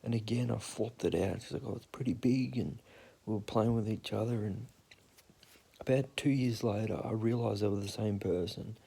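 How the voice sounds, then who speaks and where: Gravelly, swearing young Australian man. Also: fairly low pitch, normal speed, warm tone. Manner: crude, rambling, swears a lot. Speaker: storyteller. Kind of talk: casual storytelling.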